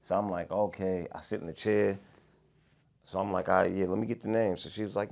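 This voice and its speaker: A man co-hosting a podcast, an animated storyteller who swings between mutters and loud outbursts in casual chat. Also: sits low, fairly quick, gravelly. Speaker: podcast co-host.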